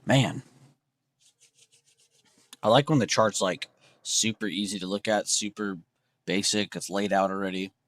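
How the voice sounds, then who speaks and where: Laid-back low-voiced male streamer. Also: a little slow, long pauses, no room sound. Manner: relaxed, slangy, talks to chat with "bro" and "dude". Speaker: trading livestream host. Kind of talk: casual livestream chat.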